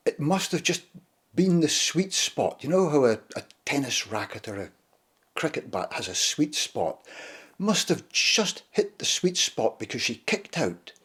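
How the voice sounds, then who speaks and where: An older man from Shetland, telling childhood stories in a casual, unhurried way. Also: medium pitch, breathy edge. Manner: unhurried, fond retelling of childhood memories. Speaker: storyteller. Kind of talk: casual spoken storytelling.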